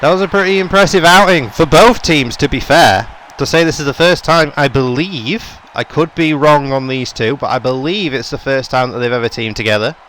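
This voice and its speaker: A man's voice: mid-range voice, normal speed, fairly bright tone, slight background noise. A young man giving running play-by-play commentary on a wrestling video game, his voice jumping up on the big moves. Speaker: gaming YouTuber.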